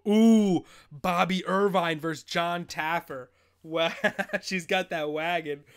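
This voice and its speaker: A man's voice: high voice, slow pace, clear, resonant tone. A young man hosting a live fantasy football advice stream, bantering loosely and joking as he answers chat questions. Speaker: host.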